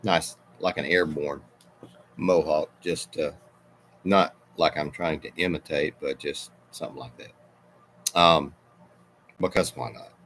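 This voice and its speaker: Slow, low-voiced middle-aged man rambling. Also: steady tone, a bit bright, slight background noise. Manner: rambling, meandering, self-interrupting. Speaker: livestream host. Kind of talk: casual live chat reading viewer comments.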